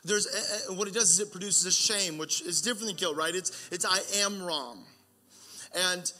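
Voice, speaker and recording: A man's voice: high-pitched, sharp tone. A young adult man preaching a sermon as pastor, earnest and conversational, often restarting his sentences.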